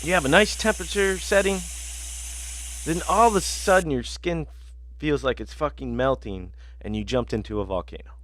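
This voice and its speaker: A man's voice: on the high side, moderate pace, a bit bright. A man hosting a sports betting podcast, telling rambling, profane stories in casual chat with lots of fillers.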